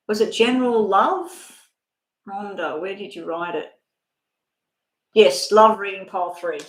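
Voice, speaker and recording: A woman's voice: lowish voice, reverberant, poor audio. An older woman giving a chatty, rambling live-stream tarot reading, at times talking while she eats. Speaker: tarot reader.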